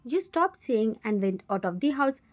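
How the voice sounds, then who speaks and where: A woman's voice: a little high, animated, moderate pace, darkish tone. A woman with an Indian English accent narrating a fan fiction voiceover in plain second-person storytelling.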